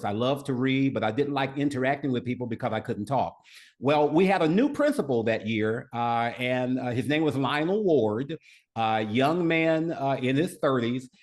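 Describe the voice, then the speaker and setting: Man telling an earnest story, slight stutter. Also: medium pitch. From United States. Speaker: podcast guest, leadership coach. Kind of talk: storytelling interview answers.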